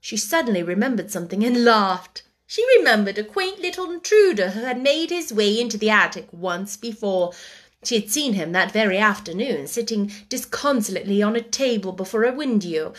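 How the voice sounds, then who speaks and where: A woman reading a children's book aloud chapter by chapter, soft and gentle, dropping to a whisper at tense moments. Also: mid-range voice, expressive, moderate pace. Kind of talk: chapter-by-chapter read-aloud storytelling.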